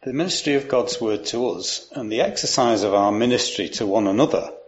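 A man preaching a sermon, explaining and reading scripture aloud in a measured way. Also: lowish voice, highs cut off.

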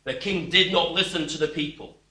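A sharp-toned man whose voice sits on the high side preaches a little fast, explaining scripture with emphasis and expressiveness plus wry, dismissive asides. The recording picks him up from away from the mic in a room with noticeable echo.

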